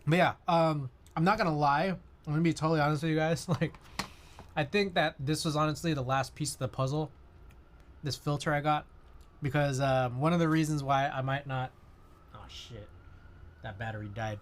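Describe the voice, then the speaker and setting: A man's voice: on the high side, normal speed. A man chatting casually on his livestream, rambling with lots of fillers and answering chat. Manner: rambling, many fillers, reads chat aloud.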